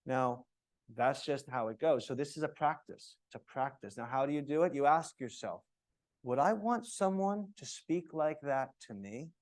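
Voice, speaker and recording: A man teaching a yoga teacher training class, talking in an emphatic, animated way and often checking in with his students. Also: mid-range voice, normal speed.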